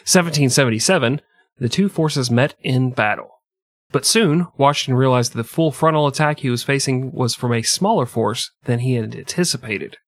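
A man's voice: mid-range voice, normal speed, no room sound, clean studio sound. A young man co-hosting a casual comedy history podcast, telling the story with crude jokes and frequent laughter. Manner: joking, crude, laughs often. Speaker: podcast co-host narrating history.

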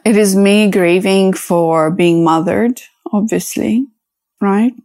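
A woman hosting a personal podcast, talking in a halting, reflective way with many fillers and restarts, emotional and close to tears. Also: mid-range voice, darkish tone, no room sound. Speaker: podcast host.

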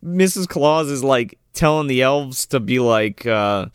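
Man, loose profane movie banter, very expressive pitch, dry recording. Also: a little slow, clean tone, no room sound. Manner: profane, laughing, acts out scenes in silly voices. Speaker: podcast co-host. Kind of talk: casual comedic movie riffing.

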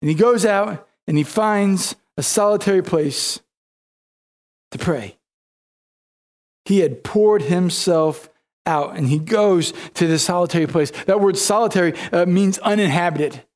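High-voiced man preaching conversationally. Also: unhurried, darkish tone. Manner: conversational storytelling, retelling scripture in casual modern speech. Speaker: pastor. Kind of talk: sermon.

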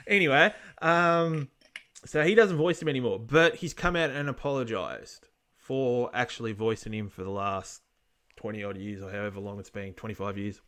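A man's voice: fairly low pitch, normal speed, a bit bright. Blunt rambling Australian man. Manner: rambling, blunt, swears casually. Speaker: podcast co-host. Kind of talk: casual chat.

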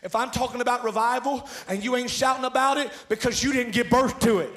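A man preaching a revival sermon, swinging from hushed, rhythmic lines to loud shouted peaks, with joking asides to his congregation. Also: very high-pitched, fairly even intonation, fast. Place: large church hall. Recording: echoey church hall.

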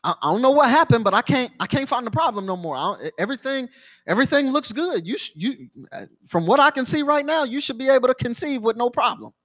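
High-voiced preacher telling a story. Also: male voice, lively intonation, quick pace, fairly bright tone. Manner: storytelling with repeated phrases and restarts. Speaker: pastor. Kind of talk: sermon.

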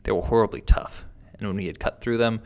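A man reading a first-person ghost tale aloud in a steady, dramatic storytelling manner. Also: lowish voice, fast, gravelly, smooth. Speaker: narrator.

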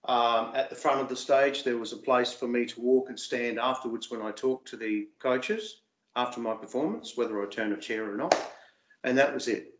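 A man guest in a casual interview, hesitant and repeating words, getting animated as he recalls. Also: medium pitch, normal speed, roomy sound, slight background noise, low-quality recording. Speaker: interview guest, former singing show contestant.

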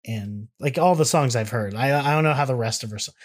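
A man's voice: mid-range voice, fairly quick. Rambling young man on a podcast. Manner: rambling, self-deprecating, profane. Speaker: podcast co-host. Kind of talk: casual chat.

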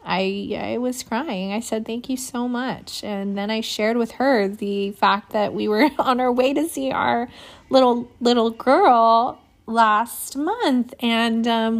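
A woman's voice: on the high side, creaky. A woman telling a heartfelt personal story as a mother, emotional and laughing often, with many restarts.

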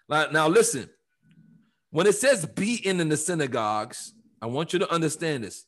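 A man teaching the Bible on a podcast, emphatic and preachy, reading scripture aloud and sometimes rising to shouts. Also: fairly high pitch, lively intonation, fairly quick.

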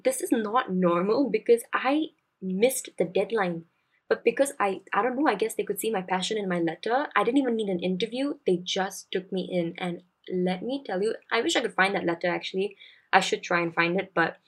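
A young woman in her twenties with a Singaporean English accent, telling a personal story as a podcast host in a chatty, confiding way. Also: medium pitch.

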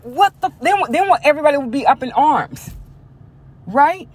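A woman's voice: sits high, animated, normal speed. A woman delivering a blunt, profane personal rant, emphatic and repetitive, swearing freely as she vents.

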